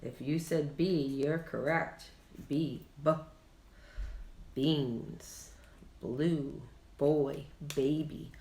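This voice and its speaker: A woman speaks slowly and gently to young children, encouraging them as she teaches letter sounds. Her voice carries a roomy echo. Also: low-pitched, fairly even intonation, slight background noise. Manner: slow, gentle and encouraging, speaks directly to kids. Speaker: children's show host and teacher.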